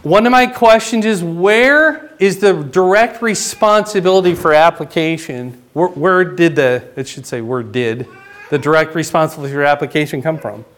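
A man's voice: moderate pace, fairly bright tone. Man preaching with frequent check-ins. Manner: conversational teaching, frequent "right?" and "okay?" check-ins; rises in pitch and volume for emphasis. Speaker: pastor. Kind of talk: sermon.

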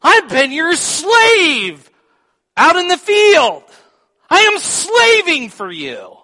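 Man putting on a shouting, bitter older son. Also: extremely high pitch, huge pitch swings, very slow, long reverb tail, pitched above the performer's own voice, full character voice. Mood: furious. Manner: shouting angrily.

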